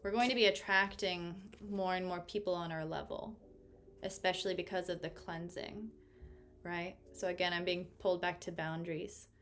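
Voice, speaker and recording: A woman's voice: on the low side, a bit bright, slight background noise. A woman giving a casual tarot reading, bubbly and effusive, laughing often. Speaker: tarot reader.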